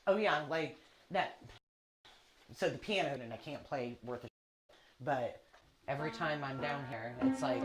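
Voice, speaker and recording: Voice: mid-range voice, big pitch swings, measured pace, long pauses, over loud music. Uneasy medium rambling through a church basement. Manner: rambling, filler-heavy, uneasy. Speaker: psychic medium on an investigation. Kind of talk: paranormal walkthrough narration.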